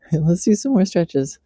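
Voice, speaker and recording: Middle-aged woman host with a dark, dry, close-up sound, talking slowly and gently as she praises her horse. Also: on the low side, no room sound. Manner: soft, relaxed, coaxing the horse with praise. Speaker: podcast host, horse trainer. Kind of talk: casual spoken reflection while working a horse. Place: outdoors at night with her horse.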